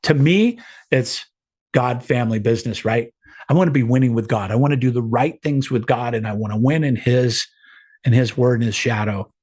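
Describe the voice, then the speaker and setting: A man's voice: medium pitch, normal speed, darkish tone. A middle-aged man leading a group video call, giving an earnest, encouraging motivational talk with frequent restarts.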